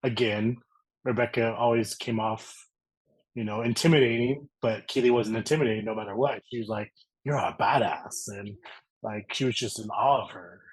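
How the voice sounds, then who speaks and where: A man chatting as a guest on a podcast, relaxed and full of fillers like "like" and "you know". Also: fairly low pitch, normal speed, husky, no echo, low-quality recording. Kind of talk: casual chat.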